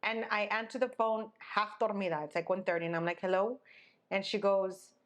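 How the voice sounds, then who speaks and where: Picture a young woman co-hosting a casual podcast, telling her story with a lot of drama. Her voice sits at an ordinary middle pitch, and she acts out every person she quotes. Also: steady tone, fairly quick. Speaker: podcast co-host.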